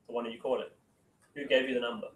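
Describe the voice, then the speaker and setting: A man's voice: mid-range voice, level tone, very fast. A man giving a casual sales training talk to a room. He keeps saying "okay" and acts out phone calls. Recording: echoey room, mic from far off.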